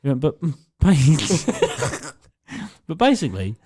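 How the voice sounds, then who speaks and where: A man's voice: fairly high pitch, wildly swooping pitch, takes it slowly, warm tone, breathy edge. A young man, co-hosting a podcast, telling a funny story and laughing through it, swearing freely. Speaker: podcast co-host. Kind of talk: casual storytelling.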